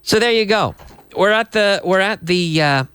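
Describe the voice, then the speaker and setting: A man's voice: sits high, normal speed, sharp tone, clear, resonant tone, no room sound. A man from Canada teaching English vocabulary on a TV lesson, spelling words out and switching into Spanish.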